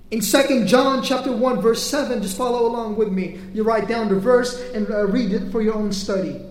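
A man preaching a sermon as pastor, teaching earnestly verse by verse, pausing on fillers and repeating points. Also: very high-pitched. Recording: echoey hall with long reverb.

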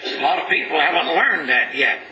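A man preaching a sermon in a church, slow and emphatic, reading scripture aloud and rising in pitch for emphasis. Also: very animated, bright, forceful tone, reverberant, faint music behind, low-quality recording.

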